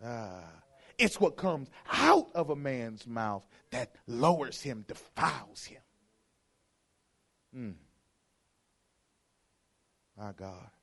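A man's voice: medium pitch, very animated, extremely slow, pauses often, fairly bright tone. A man preaching a sermon, emphatic and playful, hammering his point with repeated phrases and mimicking how churchgoers talk.

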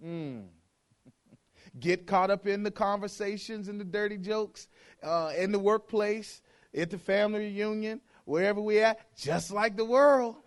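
A man's voice: high voice, measured pace. A man preaching a sermon, emphatic and playful, hammering his point with repeated phrases and mimicking how churchgoers talk.

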